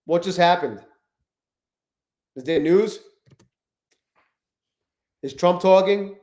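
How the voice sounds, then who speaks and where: Hyped up guy streaming, cursing a lot, kinda high voice, roomy echo. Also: slow. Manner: excitable, swears a lot, greets chat. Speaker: live-stream trader. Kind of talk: casual live-stream commentary.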